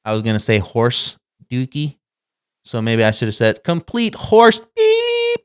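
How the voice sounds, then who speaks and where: Animated rambling man hosting a podcast. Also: medium pitch, measured pace, clean tone. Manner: rambling and animated, swears, many restarts. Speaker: podcast co-host. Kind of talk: casual podcast monologue.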